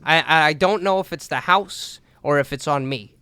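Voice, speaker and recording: A young man co-hosting a podcast, telling a story in a lively, casual way with lots of swearing and filler words. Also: fairly high pitch, moderate pace, clear, resonant tone, no room sound. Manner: animated, swears a lot, says "like" and "dude". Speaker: podcast co-host.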